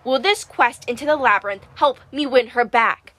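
A woman's voice: fairly high pitch, moderate pace, a bit bright, dry recording. A woman voicing an irritable, commanding teenage boy in an audiobook. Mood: curt. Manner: curt, commanding.

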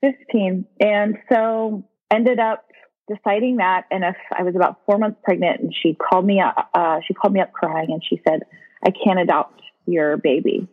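Husky woman telling her story frankly. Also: medium pitch, fairly even intonation, normal speed. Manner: frank, blunt, with occasional swearing. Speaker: podcast guest. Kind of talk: candid personal storytelling in conversation. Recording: tinny phone-like line.

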